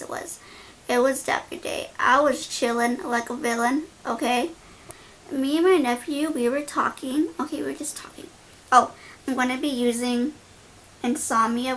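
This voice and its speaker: A young woman beauty vlogger telling an animated, slangy story while doing her makeup. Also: sits high. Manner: animated, slangy, dramatic retelling.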